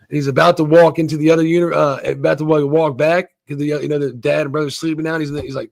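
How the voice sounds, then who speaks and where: A man's voice: fairly high pitch, steady tone, very fast, gravelly, few pauses, a little mellow, no echo. A man hosting a casual, rambling and profane review of a TV episode. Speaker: show reviewer, channel host.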